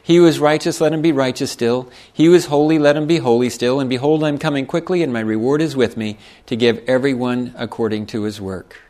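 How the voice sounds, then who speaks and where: A man's voice: medium pitch, a little fast, few pauses, darkish tone. Man preaching with folksy asides. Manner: reads scripture then explains with folksy asides and chuckles. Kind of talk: sermon.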